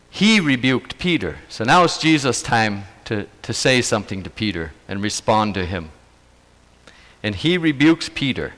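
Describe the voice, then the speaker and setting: Slow, emphatic male preacher in a reverberant hall. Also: medium pitch, a bit bright. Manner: earnest, emphatic retelling with repetition. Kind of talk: sermon.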